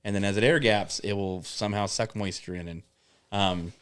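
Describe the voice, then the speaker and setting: A man's voice: fairly low pitch, steady tone, moderate pace, clean tone. A man telling rambling work stories in casual chat, swearing often and acting out coworkers. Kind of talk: casual storytelling with profanity.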